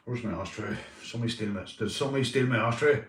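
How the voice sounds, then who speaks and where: A man's voice: medium pitch, fast, recorded from a distance. Rambling Northern Irish man, off-mic. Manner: rambling, swearing, calls viewers mate. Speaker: livestreamer. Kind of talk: casual live stream chat. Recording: roomy, off-mic sound.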